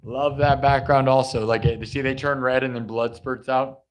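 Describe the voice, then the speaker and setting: A man's voice: medium pitch, fairly even intonation, moderate pace. A young man hosting a live music stream, chatting and joking casually with his viewers. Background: live guitar music.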